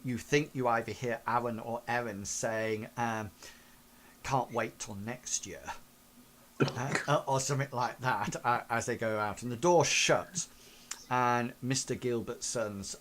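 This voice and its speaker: A man's voice: mid-range voice, a bit bright. A man running a tabletop game as game master, narrating in a rambling way with many fillers.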